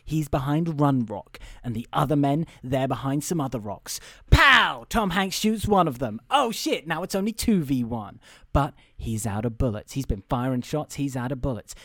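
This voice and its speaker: A man's voice: medium pitch, no room sound, studio quality. A young man who hosts a podcast, giving a casual, rambling, profane and amused recap of a film. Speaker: podcast host.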